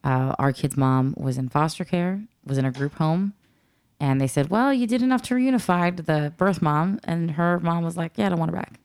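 Deep gravelly woman in dry close audio. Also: normal speed, darkish tone, no room sound. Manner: sympathetic listener with short reactions. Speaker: adoptive parent, podcast co-host. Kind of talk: casual podcast conversation.

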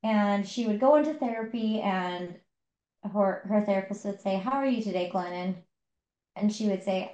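Podcast co-host, woman, mid-pitch, talks through a book story with lots of fillers. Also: moderate pace, darkish tone, roomy sound, lo-fi sound. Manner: retelling a story with many fillers. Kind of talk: casual book discussion.

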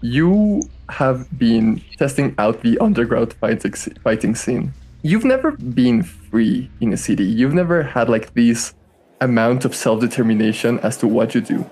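A man's voice: mid-range voice, lively intonation, normal speed, darkish tone. A man running a tabletop game as game master, narrating casually and animatedly with laughs.

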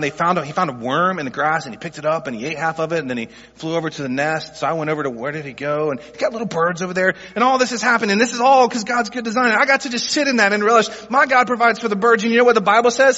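Middle-aged man, pastor, high voice, husky tone, earnest conversational sermon, long hall echo. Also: pushed and bright. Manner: earnest, conversational preaching that addresses groups in the congregation. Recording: dull sound with long hall reverb.

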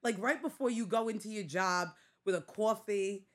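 A woman with a Staten Island New York accent, co-hosting a casual podcast chat in an animated, laughing, exclamatory way. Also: medium pitch, moderate pace. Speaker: podcast co-host.

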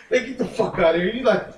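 Joking man in a noisy echoey room. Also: high voice. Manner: quick agreeing interjections, joking. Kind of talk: casual podcast banter. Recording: echoey room, distant mic, background noise.

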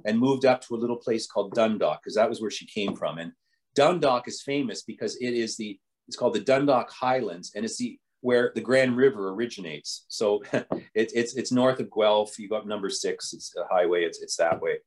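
A man's voice: on the low side, moderate pace. A man, a bishop telling stories from his life in an interview, rambling with frequent restarts. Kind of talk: storytelling in an interview.

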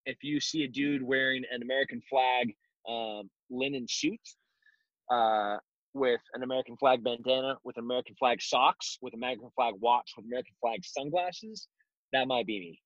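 Speaking at a moderate pace in a medium-pitched, slightly bright voice, this male guest, a self-defense instructor, tells blunt stories laced with mocking asides during a casual interview. There's no echo, and the lo-fi recording sounds dull.

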